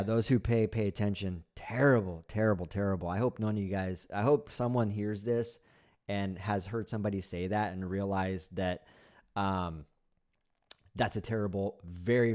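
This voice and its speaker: A man's voice: low voice, normal speed, darkish tone. Blunt man talking live, full of fillers. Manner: blunt, repetitive, with frequent fillers and restarts. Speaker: livestream host. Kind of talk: casual commentary reading live chat.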